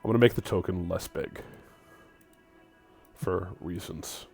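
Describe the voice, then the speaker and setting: A man's voice: low voice, unhurried, creaky, darkish tone, breathy edge, faint music behind. A man narrating a tabletop game as game master, with joking asides to players.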